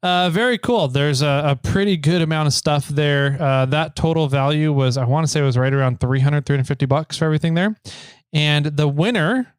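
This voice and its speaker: A man co-hosting a casual podcast from a small studio, chatty and quick to laugh. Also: on the high side, smooth, dry recording. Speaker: podcast co-host.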